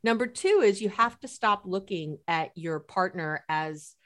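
A woman's voice: on the low side, measured pace. A middle-aged woman from New York City, a couples therapist telling stories in a podcast conversation and acting out what people said. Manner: animated storyteller who acts out quotes.

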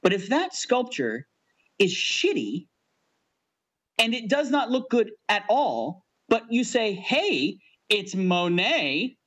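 A man's voice: sits high, sing-song, slow, fairly bright tone. A man co-hosting a podcast, bantering with crude jokes in casual chat. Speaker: podcast co-host.

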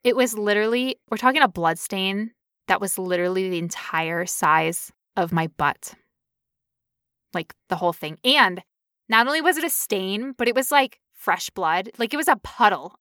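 A young woman telling a long story in casual chat, animated and acting out quotes in high voices. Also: moderate pace, no echo, studio quality.

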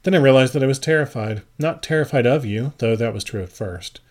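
A man reading the part of an exhausted but hard-edged woman neighbor, speaking quietly and haltingly in an audiobook. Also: mid-range voice, natural voice. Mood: weary. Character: weary, tough-minded woman neighbor guarding sleepers.

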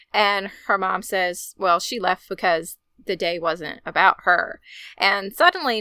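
Bright, animated woman recapping a film. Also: mid-range voice, clear, resonant tone, no room sound. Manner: animated, quick storytelling with laughs. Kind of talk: casual chat recapping a film.

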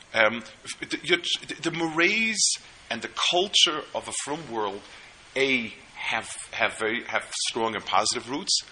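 Man lecturing at a seminar, very bright and sharp tone, earnest, storytelling, stops and restarts, light hiss behind. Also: mid-range voice, rough recording. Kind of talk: lecture on parenting.

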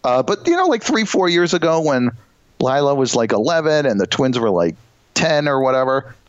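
A man's voice: medium pitch, sing-song, normal speed, no echo, muffled recording. A middle-aged man co-hosting a podcast, chatting casually in a rambling, self-mocking way. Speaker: podcast co-host. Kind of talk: casual chat.

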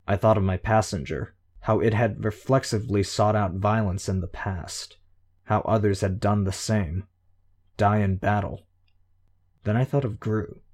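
A man reading a novel aloud in an even, measured first-person narration. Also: fairly low pitch. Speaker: audiobook narrator.

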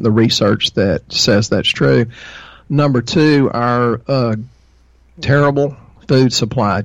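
A man's voice: medium pitch, vocal fry, dry recording, dull audio. A man with a Texan accent, a natural health practitioner, explaining things in a rambling, folksy way as a podcast guest. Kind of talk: casual interview.

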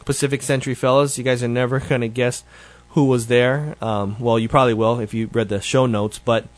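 A man's voice: mid-range voice, level tone, fairly quick, no echo. Chatty man hosting a show, dry sound. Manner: rambling, conversational, with frequent self-corrections. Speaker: show host. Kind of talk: casual solo update.

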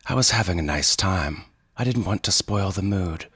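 Calm armored inventor, read by a man, low slow voice, husky, even and wry. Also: dry recording, full character voice.

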